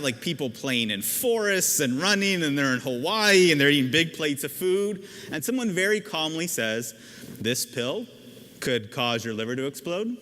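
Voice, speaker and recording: A man in his thirties giving an energetic, casual talk on stage, acting out quoted voices and using slang. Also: fairly high pitch, a little hiss or hum. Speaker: speaker giving a talk on persuasion. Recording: reverberant hall, faint ambience.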